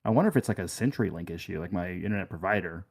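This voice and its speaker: A fairly low-voiced man speaks on a casual livestream. He sounds flustered as he works through his connection problems out loud. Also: lively intonation, very fast, creaky. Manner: flustered, talking through tech trouble. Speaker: tabletop player.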